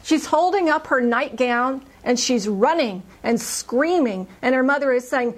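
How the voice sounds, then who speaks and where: A woman's voice: normal speed, hardly any pauses. A woman hypnotherapist telling a session story on a podcast, acting out her client's lines. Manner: animated, acts out client's quotes in higher voice.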